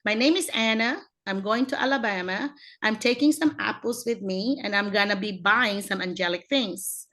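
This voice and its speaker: Animated woman teacher on a video call. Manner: animated, acts out teaching voices with big pitch jumps and frequent laughs. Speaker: teacher trainer, roundtable host. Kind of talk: lively video-call roundtable talk.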